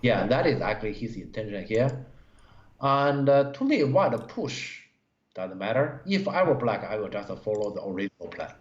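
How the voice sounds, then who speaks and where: Halting man reviewing go games. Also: lowish voice, big pitch swings. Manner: halting, many fillers, broken English grammar. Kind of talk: live-stream game review. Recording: roomy, dull stream audio.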